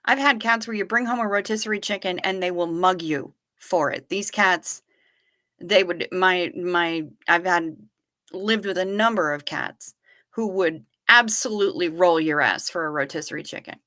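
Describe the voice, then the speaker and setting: A woman's voice: fairly low pitch, normal speed, bright, forceful tone. A woman hosting a livestream, chatting casually with viewers and reading their messages aloud, wry and loose with the odd swear. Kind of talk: casual chat.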